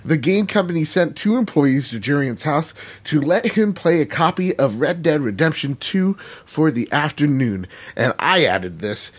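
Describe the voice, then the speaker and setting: Husky, earnest podcast co-host. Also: male voice, on the high side, big pitch swings, normal speed, hardly any pauses. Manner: earnest, swears freely, many "like"s. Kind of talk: casual gaming podcast chat.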